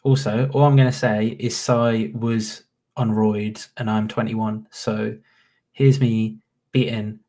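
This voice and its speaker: Gravelly-voiced Northern English guy. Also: fairly low pitch, level tone, slow pace, dark tone. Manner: rambling, sweary, slangy. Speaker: YouTuber. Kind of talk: casual reaction commentary.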